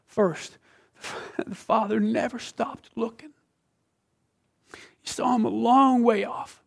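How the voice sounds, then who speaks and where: A man with a very high-pitched voice preaches an emphatic sermon, slow and steady in tone, with vocal fry and a slightly rough texture. He drops from loud phrases into hushed whispers and quizzes his listeners like a teacher.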